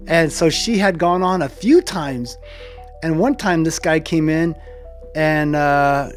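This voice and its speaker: A man's voice: fairly high pitch, slow pace, faint music behind. A man in his sixties casually telling a long personal story, wandering off on side trails and chuckling at himself. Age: 60s. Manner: digressive, loses track and chuckles. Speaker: storyteller host.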